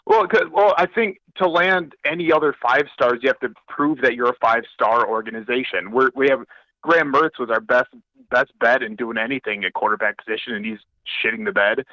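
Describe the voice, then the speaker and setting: A man's voice: mid-range voice, brisk, bright, forceful tone, dry recording, lo-fi sound. A man calling in to a sports show, asking a rambling, hesitant question. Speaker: caller. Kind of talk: call-in question.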